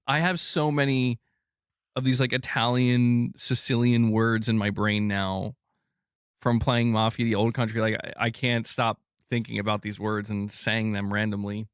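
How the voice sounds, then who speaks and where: A man's voice: on the low side, smooth, dry recording, studio quality. A man hosting a casual livestream chat, rambling and correcting himself, laughing often. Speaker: streamer host.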